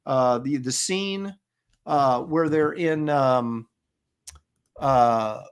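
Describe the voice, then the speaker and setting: A man's voice: medium pitch, drawn-out words, clean tone. A middle-aged man co-hosting a casual chat, enthusiastic and rambling, often restarting his sentences. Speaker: co-host.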